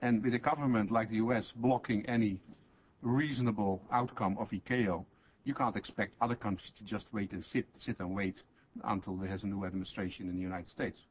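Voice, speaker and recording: A man's voice: lowish voice, fairly even intonation, brisk. A man on a discussion panel, making an earnest point-by-point rebuttal in slightly non-native phrasing. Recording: dull lo-fi conference recording, faint noise.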